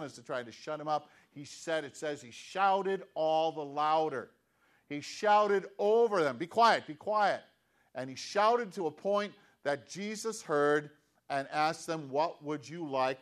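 A man preaching a sermon in a conversational way, with restarts and emphatic, repeated questions. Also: a little high. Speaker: pastor.

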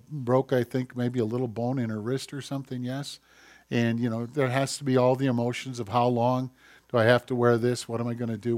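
A middle-aged pastor delivers a conversational sermon to his congregation. He tells personal stories, asks the listeners questions, and slows down to read scripture. His voice sits at an ordinary, medium pitch. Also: darkish tone.

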